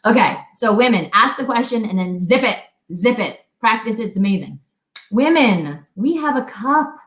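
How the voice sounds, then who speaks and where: A woman co-hosting a fitness talk, giving chatty, animated relationship advice and acting out little quotes. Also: a little high, normal speed. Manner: chatty, animated, laughs often, acts out quotes. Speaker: fitness coach co-host. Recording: echoey room.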